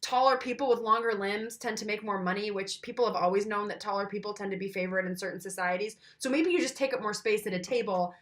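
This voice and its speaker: A woman's voice: medium pitch, quick pace, hardly any pauses. A woman instructor giving a conversational recorded lecture, asking the listener questions and demonstrating changes in her own voice.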